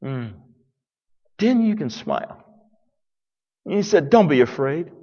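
A man preaching a sermon as pastor, dramatic, swinging from loud declarations to hushed near-whispers. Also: sits high, very animated, measured pace, long pauses, lo-fi sound. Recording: long reverb of a large hall.

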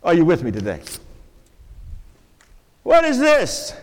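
A pastor preaches an interactive sermon with object lessons to a live church congregation, quizzing them with playful questions. His voice is high, his pitch swoops wildly, and he speaks slowly. The sound carries the feel of a large hall.

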